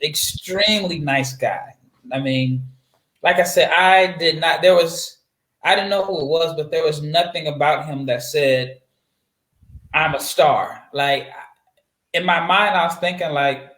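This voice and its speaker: A man's voice: on the high side, unhurried, fairly bright tone. Rambling man in a roomy echo. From Nebraska. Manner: rambling storyteller, many fillers and restarts. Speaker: guest draft analyst. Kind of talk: casual interview chat. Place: home setup, away from his usual mic. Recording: roomy echoey sound.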